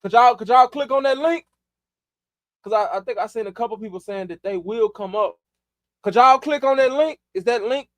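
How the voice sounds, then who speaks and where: A man's voice: extremely high pitch, normal speed, fairly bright tone, no echo. A man from Chicago hosting a live stream, chatting loosely in profane street slang and laughing often. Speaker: livestream host. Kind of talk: casual live-stream chat.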